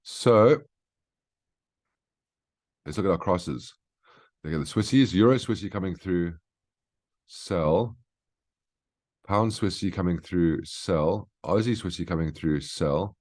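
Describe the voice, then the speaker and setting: Man, very low voice, trading chart walkthrough, keeps asking okay. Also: a little slow, long pauses, a little mellow. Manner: instructive, frequent "okay?" check-ins. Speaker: market analyst host.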